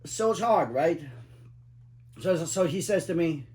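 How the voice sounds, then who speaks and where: A middle-aged man spins cab-driver stories in a loose, rambling chat. His voice sits a little high, and he swears freely for emphasis, stacking fillers as he goes. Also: animated, measured pace, darkish tone. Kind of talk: casual storytelling chat.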